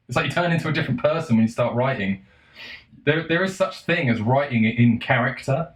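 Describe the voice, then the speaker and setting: A man in the middle of a casual rant, sarcastic and exasperated, dropping swears and the odd laugh. His voice sits at an ordinary middle pitch. The room around him rings with noticeable echo. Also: lively intonation, fairly quick. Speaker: vlogger. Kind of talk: casual ranting monologue.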